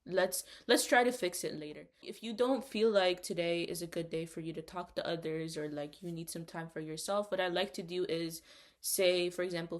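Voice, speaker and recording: A young woman co-hosting a casual podcast chat, talking in an earnest, encouraging way. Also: fairly low pitch. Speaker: podcast co-host.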